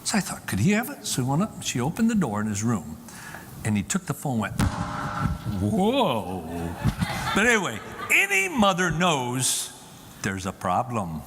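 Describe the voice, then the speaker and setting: A man's voice: mid-range voice, huge pitch swings, normal speed, pushed and bright, big-room sound, a little hiss or hum. A man giving an emphatic public talk from a stage to a live audience, often repeating key lines for effect. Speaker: Christian speaker.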